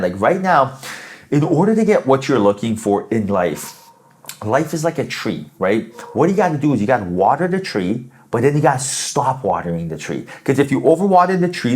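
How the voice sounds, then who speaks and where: A man giving a tarot reading in a casual, coaching way, acting out inner thoughts as he explains. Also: medium pitch. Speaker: tarot reader.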